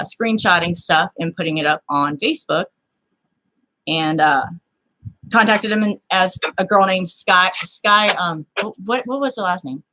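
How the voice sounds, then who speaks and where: Blunt, foul-mouthed woman telling a story. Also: mid-range voice. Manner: blunt and profane, swears freely; animated, acts out the people in her story. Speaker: show's star telling a personal story. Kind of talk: casual storytelling.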